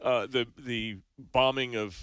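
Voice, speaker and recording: A man co-hosting a radio talk show, chatty and often halting with ums while telling stories. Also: mid-range voice, fairly even intonation, a bit bright, clean tone, no echo, clean studio sound. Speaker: radio news co-host. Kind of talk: casual radio chat. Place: radio studio. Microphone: studio mic.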